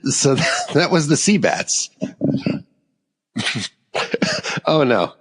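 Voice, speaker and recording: A man's voice: on the high side, big pitch swings, extremely slow, vocal fry, big-room sound. A man hosting a podcast, telling stories in casual chat and laughing through them. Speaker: podcast host.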